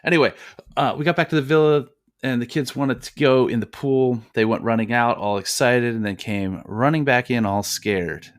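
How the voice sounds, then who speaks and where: A man's voice: mid-range voice, normal speed, no room sound, studio quality. A man co-hosting a podcast, reading listener mail aloud in a rambling, joking way with lots of fillers. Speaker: podcast co-host.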